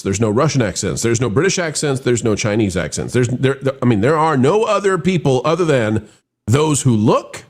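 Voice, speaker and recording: A man hosting a live film review show, talking in an animated, rambling way with frequent restarts. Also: medium pitch.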